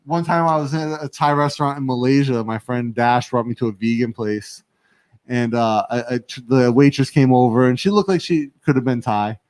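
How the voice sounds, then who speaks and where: Man, livestream co-host, chatty and joking, mid-pitched, dry studio sound. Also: moderate pace, darkish tone, dry recording. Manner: joking, laughs often, mimics accents in quotes. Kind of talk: casual chat, reading viewer comments aloud.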